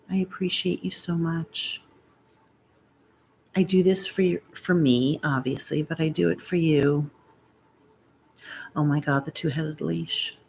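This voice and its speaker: A woman talks to her livestream viewers from home in a loose, rambling way, drifting from one thought to the next. Her voice sits a little low for a woman, with a faint hiss of noise behind it. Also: creaky, low-quality recording. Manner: rambling, distracted chatter. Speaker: livestream host. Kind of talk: casual live-stream chat.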